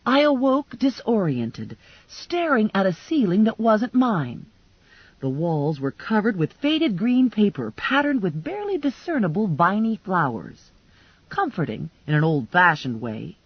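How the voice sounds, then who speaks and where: A woman narrates a first-person novel in a slow, husky voice with dry humor. Her pitch moves a lot as she reads, and the recording is dry and slightly muffled. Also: big pitch swings, no room sound. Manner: measured storytelling, dry humor. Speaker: audiobook narrator.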